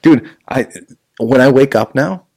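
A man's voice: medium pitch, a little slow, darkish tone. A man hosting a casual podcast chat as a jiu-jitsu instructor, rambling, swearing and laughing often.

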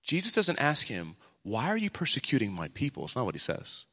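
A man in his thirties preaching a sermon as pastor, animated, acting out the voices he quotes. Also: mid-range voice, fairly quick. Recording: long hall reverb.

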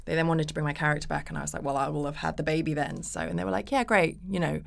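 Racing along in a low voice with vocal fry, an actress recounts stories as a guest on a casual podcast. She's animated throughout and acts out the voices of those she quotes.

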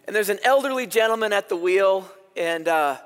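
High-voiced man preaching in a reverberant hall. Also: moderate pace, clean tone. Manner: storytelling, animated and conversational. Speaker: pastor. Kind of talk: sermon.

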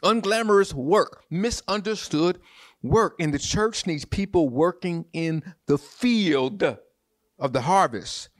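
A man's voice: sits high, takes it slowly. A man preaching a sermon in an informal, folksy way, repeating his questions and calling on the congregation to respond. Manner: preaching with repetition and call-and-response; folksy, informal church talk with "y'all". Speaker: pastor.

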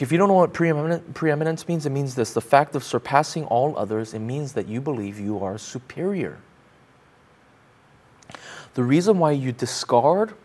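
A man's voice: medium pitch, a little mellow. A man preaching a sermon as pastor, emphatic, repeating phrases and asking the congregation pointed rhetorical questions.

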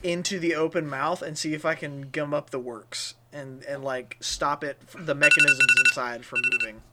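Male player, eager and casual, a bit higher with a bright edge. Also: steady tone, moderate pace, slight background noise. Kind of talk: casual tabletop play.

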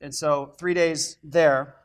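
High-voiced animated man preaching. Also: takes it slowly. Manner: animated storytelling, rising loud when excited. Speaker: pastor. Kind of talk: sermon report to congregation.

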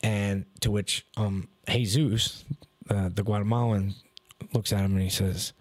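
A man co-hosting a podcast, telling profane, animated stories in casual chat and laughing as he goes. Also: lowish voice, a little slow. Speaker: podcast co-host.

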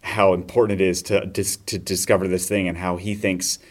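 A man in casual podcast chat, retelling a movie with animated energy and quick acted-out voices. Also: sits low. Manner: animated storyteller acting out scenes in voices. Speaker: podcast host.

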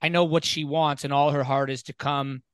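Guy hosting a podcast, kinda high voice, asks thoughtful questions, dry close mic. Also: level tone, normal speed, smooth, no echo. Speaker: podcast host. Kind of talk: conversational interview.

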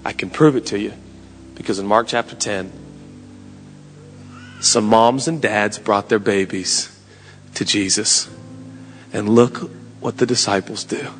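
A man in his thirties preaching a sermon with passion, his voice climbing to shouts and dropping to quiet asides. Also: on the low side, a little slow, pauses often. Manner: impassioned preaching, rising to shouts. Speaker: pastor. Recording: long hall reverb, music behind.

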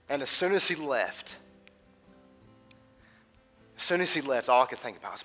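A man in his thirties preaching a sermon as a teaching pastor, swinging from loud and passionate to hushed and intimate. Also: mid-range voice, normal speed, pauses often, soft background music.

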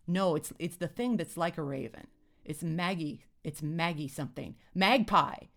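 A woman playing a halting, word-groping young guy. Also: deep voice. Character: halting, slow-witted young man.

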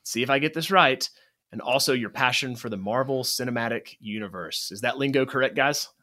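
A man's voice: medium pitch, brisk, bright, forceful tone. A man hosting a podcast interview, friendly and lightly joking with his guests. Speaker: podcast host.

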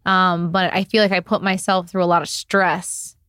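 A woman, an entrepreneur guest on a podcast, speaking in casual chat in an intense, candid way, often quick and swearing. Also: fairly low pitch, level tone, fairly bright tone, no room sound, studio quality.

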